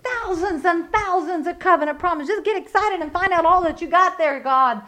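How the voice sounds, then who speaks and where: A middle-aged woman preaching a sermon with fervent conviction, swinging from quiet reflection to loud emphatic bursts. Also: very high voice, moderate pace.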